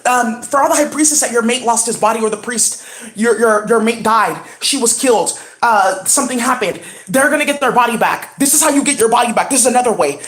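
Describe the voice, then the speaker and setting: A woman's voice: fairly high pitch, fairly quick, fairly bright tone, roomy sound. A woman talking in a rambling, intense way in a casual home vlog as a spiritual reader. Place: at home indoors.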